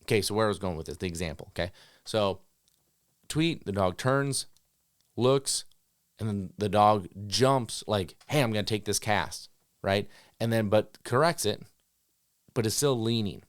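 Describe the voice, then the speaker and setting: A man who trains dogs, giving an instructional talk in a direct, coaching way and acting out owners' commands and dogs' thoughts in quick voices. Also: fairly low pitch, no room sound, studio quality. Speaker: dog trainer.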